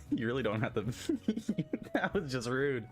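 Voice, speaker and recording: A woman's voice: extremely low pitch, very animated, slow, faint music behind. A woman streaming a game, reading its story and reacting with frequent laughs and disbelief. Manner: laughs often, incredulous reactions. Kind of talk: casual live-stream commentary.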